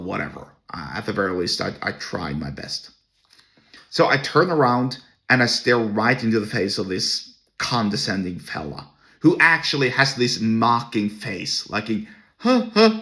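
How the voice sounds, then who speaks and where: A man's voice: fairly low pitch, bright, forceful tone. A man hosting a podcast, telling a personal story to camera in a blunt, crude and scornful way. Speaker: podcast host.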